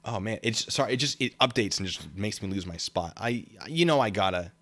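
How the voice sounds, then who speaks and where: A male livestream host chatting casually as he reads viewer comments, with fillers and chuckles along the way. His voice sits a little low, but it swings widely in pitch. The tone is bright and forward. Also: animated, brisk. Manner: reads comments aloud with frequent fillers and laughs. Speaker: livestream host reading chat.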